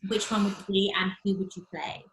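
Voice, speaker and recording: A woman hosting a podcast, asking quick, upbeat questions in casual chat. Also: medium pitch, flat delivery, a bit bright. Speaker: podcast host. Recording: roomy echo.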